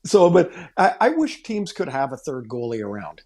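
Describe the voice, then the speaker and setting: Man, sports podcast co-host, mid-pitched voice, casual talk, restarts as he thinks. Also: wildly swooping pitch, moderate pace, a crowd in the background.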